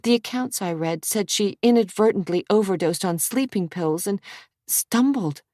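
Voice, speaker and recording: A woman's voice: mid-range voice, expressive, moderate pace, mellow, no echo, studio quality, pitched above the performer's own voice, close to an everyday voice. A woman reading an audiobook, voicing a tense young woman who asks anxious, pressing questions in a raised voice. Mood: shaken. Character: tense young woman searching for her mother.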